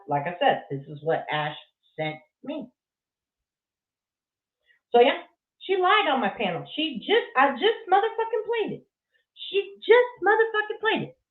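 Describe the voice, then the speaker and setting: A woman with a high voice pours out a furious, profanity-heavy rant at her viewers. She turns sarcastic and heated, and her voice comes through thin and tinny, as if over a phone line. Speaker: online drama commentator.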